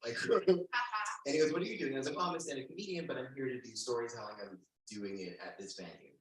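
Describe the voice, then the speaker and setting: A man in his forties from the United States, a stand-up comedian telling a profane, animated story at a live storytelling show. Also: medium pitch, quick pace, a little hiss or hum. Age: 40s. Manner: animated, profane, breaks into laughter. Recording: echoey room, mic at a distance.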